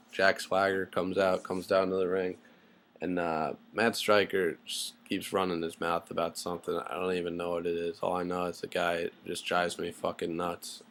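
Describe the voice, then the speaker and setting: A man giving a casual, rambling spoken recap of a wrestling show, full of fillers and blunt, profane asides. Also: sits low.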